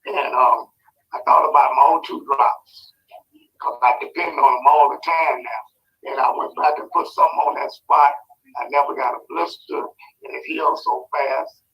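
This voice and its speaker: Man, gravelly caller, halting testimonial, far off and muffled. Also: mid-range voice, fairly even intonation. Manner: halting, with fillers. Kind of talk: casual testimonial. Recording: distant, muffled call audio.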